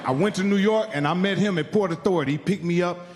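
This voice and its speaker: Stand-up comic, middle-aged man, high voice, profane and animated, acts out his quotes; live club recording with a long tail of reverb. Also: fast talker, noisy background. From Indiana. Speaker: stand-up comedian. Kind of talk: stand-up storytelling. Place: comedy club stage.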